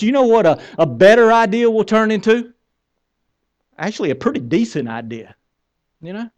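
A man's voice: sits high, clear, resonant tone. A man with a Southern American accent preaching a conversational sermon, asking the congregation questions and joking at his own expense. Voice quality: bearded. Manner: conversational preaching with questions to the crowd, wry humor. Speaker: pastor.

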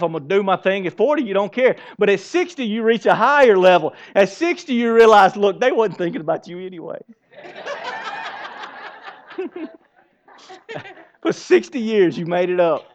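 High-pitched guy in his 40s preaching, chatty, asks the crowd stuff, goes loud then real quiet, kinda dull lo-fi sound. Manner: conversational preaching, questions the congregation; swings between loud emphasis and hushed asides. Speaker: pastor. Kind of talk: sermon.

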